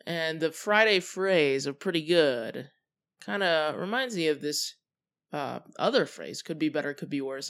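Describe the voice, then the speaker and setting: A young adult hosting a solo podcast, talking casually in a relaxed, chatty way with many fillers and trailing thoughts. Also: mid-range voice. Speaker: podcast host.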